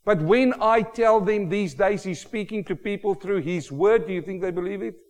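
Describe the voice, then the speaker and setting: Preacher man in a reverberant hall. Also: high-pitched. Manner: dramatic swings from soft to loud, slows for emphasis. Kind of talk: sermon.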